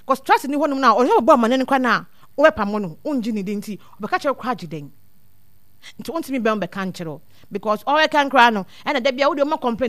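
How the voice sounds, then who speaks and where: Guest expert, woman, high voice, dry close sound, earnest and repetitive. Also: expressive, a little fast, a bit bright, no room sound. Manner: earnest, repeats words as she thinks. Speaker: guest speaker on child welfare. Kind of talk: casual advice talk mixing two languages.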